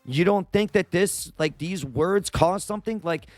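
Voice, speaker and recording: A man's voice: high voice, a little slow, no echo, faint music behind. A young man giving casual, exasperated opinion commentary as a channel host, rambling and leaning hard on filler words. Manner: exasperated, rambling, heavy use of "like".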